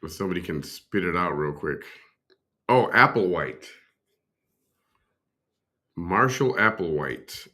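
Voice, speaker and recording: A man's voice: sits low, expressive, takes it slowly, long pauses, pushed and bright. A man hosting a reaction stream, rambling and thinking aloud as he speaks to his chat. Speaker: host. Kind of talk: casual reaction commentary.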